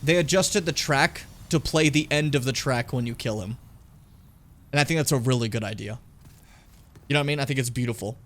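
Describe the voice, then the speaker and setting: A man giving casual, animated commentary while playing a video game, swearing and yelping when things get tense. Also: medium pitch, fairly quick, pauses often. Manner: animated, swearing, yelps and pleads when in danger.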